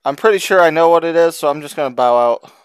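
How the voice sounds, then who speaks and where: A man co-hosting a comedy podcast, joking and throwing in loud shouted bits. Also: on the high side, quick pace, smooth, dry recording. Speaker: podcast co-host. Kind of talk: casual comedic podcast banter.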